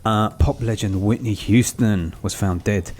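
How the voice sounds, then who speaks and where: A man's voice: lowish voice, measured pace, a little mellow. A man co-hosting a podcast, chatting casually and teasing his co-host. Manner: teasing, jokey. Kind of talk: casual chat.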